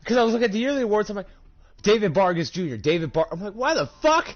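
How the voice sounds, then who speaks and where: Animated, foul-mouthed young male streamer. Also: high voice, rapid-fire, faint music behind. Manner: animated and profane, laughing, rising to loud excited rants. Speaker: gaming streamer. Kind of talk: casual chat while streaming. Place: at home. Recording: dull lo-fi stream audio.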